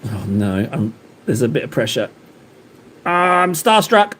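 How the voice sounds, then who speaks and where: A very animated man with a medium-pitched, somewhat bright voice hosts a livestream, talking a little slowly. He jokes around with his viewers and reads the live chat, rambling casually with many fillers and restarts.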